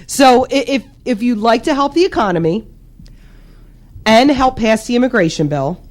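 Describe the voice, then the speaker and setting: A woman's voice: fairly high pitch, expressive, moderate pace, darkish tone. A young woman co-hosting a casual comedic chat, giggly and rambling, with a stuffy nose. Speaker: co-host.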